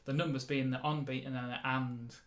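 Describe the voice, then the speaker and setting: A man's voice: mid-range voice, a little fast. Man teaching mandolin, counting beats. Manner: relaxed, loosely explains, counts beats aloud. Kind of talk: casual music lesson. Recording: roomy sound with mandolin playing.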